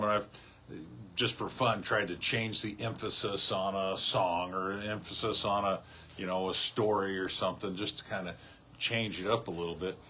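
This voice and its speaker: A man giving a relaxed devotional as a pastor, speaking conversationally and often restarting or repeating his words. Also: fairly low pitch, a little hiss or hum. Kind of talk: casual devotional sermon.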